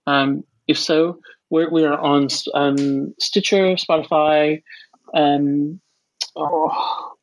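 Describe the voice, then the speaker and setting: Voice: medium pitch, steady tone, takes it slowly, no room sound, rough recording. A podcast co-host in their forties, from the United States, whose accent mixes American and Australian, chatting in a rambling, joking way with lots of fillers. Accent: mixed American and Australian. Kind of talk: casual podcast chat.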